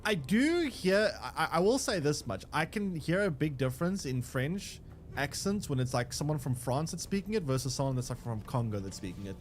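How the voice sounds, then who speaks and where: Playing on stream, a young South African man rambles through casual chat, answering viewers as he goes, restarting often and trailing into fillers. His pitch swings lively up and down, he speaks a bit quickly, and a faint hum runs underneath.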